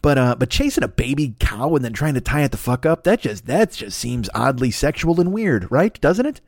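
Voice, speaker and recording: A man's voice: medium pitch, expressive, moderate pace, no echo, clean studio sound. An older man hosting a solo podcast, rambling through crude, self-mocking riffs into a desk mic plugged into a laptop. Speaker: podcast host. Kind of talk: profane solo podcast monologue.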